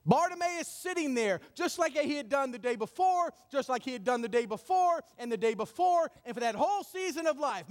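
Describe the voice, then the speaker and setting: Male pastor, high voice, impassioned sermon delivery, urgent then hushed, long hall echo. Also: animated, moderate pace, few pauses. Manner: impassioned preaching, rising and falling between urgent and hushed.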